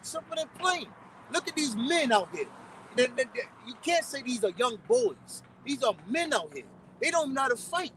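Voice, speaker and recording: A high-voiced man preaches outdoors on a city street, blunt, profane and repetitive. He is heard from a step back off the mic, with faint traffic behind him. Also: very animated, moderate pace, a bit bright, distant mic, low-quality recording.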